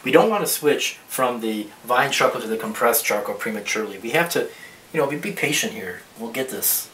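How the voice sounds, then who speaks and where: Male art teacher, mid-pitched, rambling demo talk, distant mic, echoey room. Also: expressive, fairly quick, a bit bright. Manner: thinking aloud, rambling with restarts. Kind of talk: drawing demonstration. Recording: roomy echo, mic at a distance, faint hiss.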